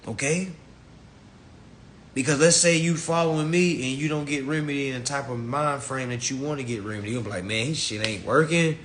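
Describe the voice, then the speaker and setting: A man hosting a live class, blunt and profane, talking down to his listeners with mocking scorn. His voice sits at an ordinary middle pitch, with a faint low rumble behind it. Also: brisk. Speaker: online finance class host. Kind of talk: ranting live-stream talk. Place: live stream from home.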